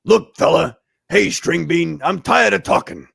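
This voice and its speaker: A man doing the Thing, a gravelly rock brawler. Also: on the high side, a little slow, heavily acted. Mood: gruff. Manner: loud, gravelly, blustering. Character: gruff rock-skinned male brawler.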